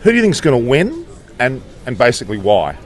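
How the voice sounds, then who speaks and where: A man's voice: mid-range voice, wildly swooping pitch. A man interviewing people on a busy street, upbeat and chatty. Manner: upbeat, chatty, quick-talking. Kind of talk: vox pop street interviews.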